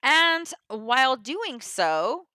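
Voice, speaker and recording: A woman walks through a play's plot in a loose, chatty way, leaning on "like" and "you know". Her voice is bright and forward, and the sound is dry and close. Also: high voice, sing-song, drawn-out words, dry recording. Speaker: teacher summarizing a play. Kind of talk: casual retelling of a play with readings.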